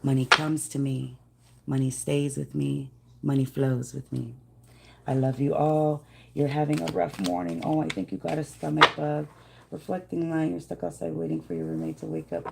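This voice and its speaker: Low gravelly woman reading tarot. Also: darkish tone. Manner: chatty, affectionate, greets viewers by name. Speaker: tarot reader. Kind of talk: casual live tarot reading.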